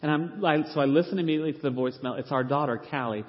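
A middle-aged man, a pastor, telling an animated, self-deprecating story from the pulpit and acting out the people he quotes. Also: fairly high pitch, racing. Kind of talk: storytelling sermon. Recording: reverberant hall, dull lo-fi sound.

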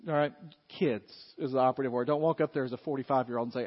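A man, preaching a sermon in an animated way and acting out scenes. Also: medium pitch, very fast. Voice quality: animated, acts out scenes with shouts. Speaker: pastor. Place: church hall. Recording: muffled sound in a long-reverb hall.

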